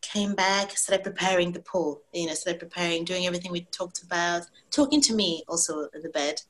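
A woman in her thirties, a guest in an interview, telling a long personal story in a casual, animated way and acting out her own past lines. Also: on the low side, brisk, poor audio.

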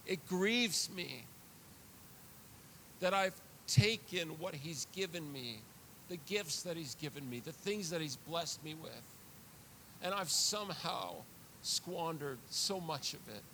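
Earnest high-voiced male pastor preaching. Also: lively intonation, slow pace, bright, forceful tone, slight background noise. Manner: earnest, confessional preaching with repetitions. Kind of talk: sermon.

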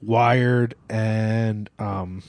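A man co-hosting a film podcast, telling stories in an excitable, animated way and swearing freely. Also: fairly low pitch, extremely slow, dry recording. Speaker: podcast co-host. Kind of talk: casual film discussion.

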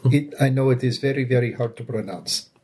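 A man's voice: mid-range voice, fairly quick, darkish tone. Formal, precise male role-player. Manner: formal and precise, avoids contractions. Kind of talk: role-playing a character in a tabletop game.

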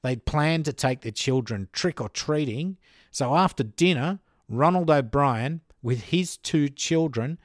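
A man's voice: a little high, lively intonation, measured pace, no echo, studio quality. A man with an Australian accent hosting and narrating a true crime podcast in a conversational way, with joking asides. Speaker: podcast host.

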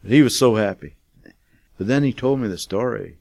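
Gravelly low-voiced older missionary man. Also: normal speed, a little mellow, no echo. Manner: folksy, rambling with many fillers. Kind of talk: casual storytelling testimony.

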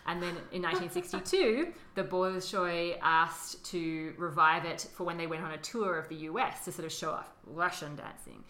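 A woman's voice: on the low side, animated, normal speed, hardly any pauses, sharp tone, slight background noise. A woman co-hosting a podcast, explaining history in a chatty way, with fillers and frequent laughter. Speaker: podcast co-host. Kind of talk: casual conversational history chat. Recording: roomy echo.

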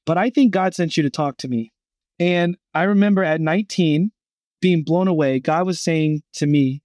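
Guy on a podcast, lively storytelling, kinda high voice, super dry sound. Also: normal speed, no echo. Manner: animated storyteller, acts out quoted voices. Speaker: gap year program guest.

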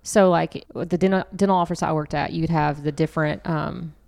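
A woman's voice: low-pitched, fairly even intonation, moderate pace, vocal fry, darkish tone. A woman co-hosting a casual chat podcast, blunt and teasing, with frequent laughs. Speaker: podcast co-host.

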